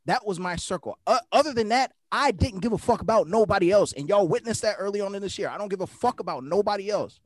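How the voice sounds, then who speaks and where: A man's voice: sits high, fast, hardly any pauses, no room sound, clean studio sound. A young man in casual chat with friends, emphatic and heartfelt, cursing freely and repeating himself for weight.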